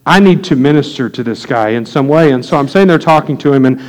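A man's voice: medium pitch, lively intonation, fast, poor audio. A male pastor telling a story to his congregation, loose and conversational with restarts. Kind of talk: sermon storytelling to a live congregation.

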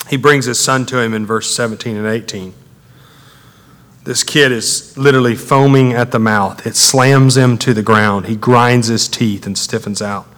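Pastor guy preaching, bright forceful voice, chatty and fired up, big reverb from the hall. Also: medium pitch. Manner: animated, conversational preaching with rising intensity. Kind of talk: sermon. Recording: echoey hall with long reverb.

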